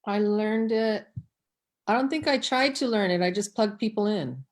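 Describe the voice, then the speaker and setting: A woman's voice: mid-range voice, normal speed. A woman guest on a casual team call, plain-spoken and matter-of-fact. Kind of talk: casual chat.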